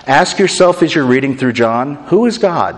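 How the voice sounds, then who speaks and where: A man's voice: mid-range voice, animated, normal speed. A man preaching a sermon as pastor, earnest and building his points through rhythmic lists and repeated phrases. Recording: long hall reverb.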